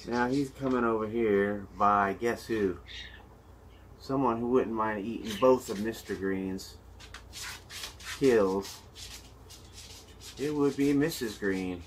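A male zookeeper giving relaxed live commentary on a snake feeding, joking around as he goes. His voice is low and his pace is slow and easy. He sometimes breaks into loud, playful outbursts. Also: a little hiss or hum, poor audio.

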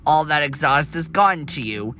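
A man's voice: a little high, animated, moderate pace, bright, forceful tone, slight background noise. A man voicing a smug, bossy male diesel engine with an oily, mocking way of talking.

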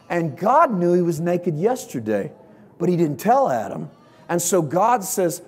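A man preaching a sermon as a pastor, telling the story playfully and rising to shouts at its peaks. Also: high-pitched, sing-song, fairly quick, husky.

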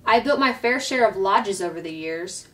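A woman's voice: mid-range voice, expressive, normal speed, a bit bright, far from the mic, lightly acted. A woman voicing a stubborn male beaver who talks in a grumbling, folksy way.

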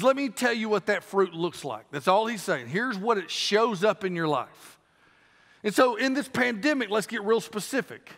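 A man with a Southern US accent preaching a sermon as pastor, emphatic and repeating phrases for stress, swinging between loud and quiet. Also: high-pitched. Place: church. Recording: long reverb of a church hall.

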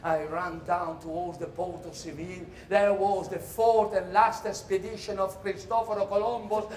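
A man with an Italian accent performing a comic theatre monologue in English, storytelling animatedly with sudden shouted cries. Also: unhurried. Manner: animated storyteller, bursts into high shouted cries, laughs through lines. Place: theatre stage. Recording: roomy hall echo.

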